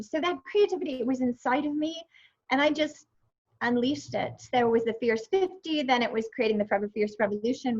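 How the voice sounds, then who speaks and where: A somewhat high-voiced woman in her fifties, speaking as an interview guest. She tells her story with animation and acts out what she once said. The sound is a little dull and lo-fi. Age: 50s. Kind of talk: casual interview chat.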